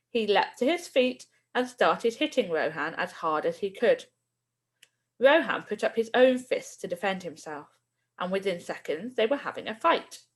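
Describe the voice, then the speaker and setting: A woman, a primary school teacher, reading a children's book aloud with expressive storytelling. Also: mid-range voice.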